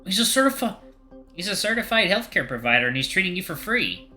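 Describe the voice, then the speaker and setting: A man voicing a calm young man who talks gently and reassuringly. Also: high voice, fast talker, faint music behind, voice pushed up, exaggerated voice. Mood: gentle.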